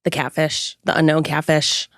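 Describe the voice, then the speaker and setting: A woman in her thirties co-hosting a podcast, chatty and quick to laugh in casual talk. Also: low voice, little pitch movement, a bit bright, no room sound, studio quality. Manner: chatty, gasps and laughs easily. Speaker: co-host.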